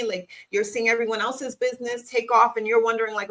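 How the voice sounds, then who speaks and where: Woman in her 30s doing a faith-based pep talk for coaches, bright voice sitting a bit high, keeps asking the viewer questions. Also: steady tone, moderate pace, poor audio. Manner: encouraging, talks straight to the viewer with repeated questions. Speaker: business coach.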